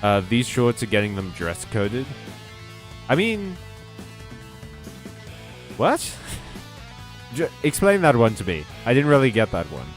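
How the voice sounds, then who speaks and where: A man's voice: mid-range voice, huge pitch swings, takes it slowly, long pauses, soft background music. A man chatting casually over gameplay, rambling, correcting himself and answering his viewers as he goes. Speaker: streamer.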